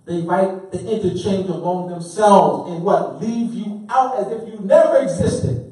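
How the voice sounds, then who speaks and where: A man's voice: high voice, a little slow, a little mellow. A man lecturing to a live audience, quizzing them call-and-response style and repeating key words with emphasis. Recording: very echoey room, mic far off.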